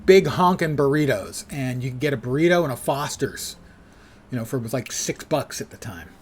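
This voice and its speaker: A man's voice: mid-range voice, lively intonation, brisk, slight background noise. A man in his sixties streaming a game and chatting casually, with dry, self-mocking asides. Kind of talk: casual live gameplay chat.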